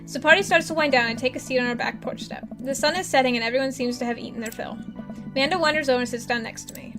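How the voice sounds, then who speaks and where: A woman's voice: sits high, rapid-fire. A young woman in her twenties reading a dating game aloud and gushing about it, with game music behind. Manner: excitable, gushing, teary at the end. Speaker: let's player.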